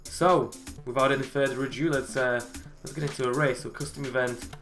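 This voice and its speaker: A man's voice: medium pitch, steady tone, a little fast, a bit bright, soft background music. A man hosting a gaming channel, chatting casually and thinking aloud while he plays. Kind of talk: casual gameplay commentary.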